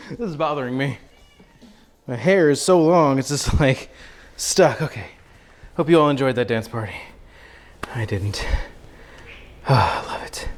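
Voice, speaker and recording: A man's voice: mid-range voice, unhurried, long pauses, a little hiss or hum. A young man hosting a casual cooking livestream, joking and chatting with his viewers as he cooks. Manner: playful, joking, talks to chat viewers.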